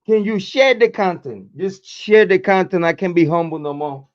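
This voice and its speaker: A hoarse man hosting a true crime livestream, cursing freely and hyping his chat with repeated chants, speaking into a desk mic. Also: high voice, moderate pace, highs cut off. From Puerto Rico. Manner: profane, repetitive hype chants. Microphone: desk microphone, camera off.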